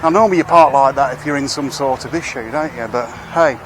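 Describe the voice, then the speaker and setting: A man's voice: medium pitch, quick pace, background noise. Wry rambling Englishman on a street walk. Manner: rambling, wry, swears casually. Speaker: street vlogger. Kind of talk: casual walking commentary. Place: outdoors on town streets.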